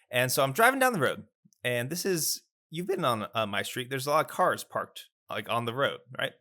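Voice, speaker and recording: Animated, bright-voiced man priest. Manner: animated storyteller, lively pitch. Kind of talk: casual storytelling chat.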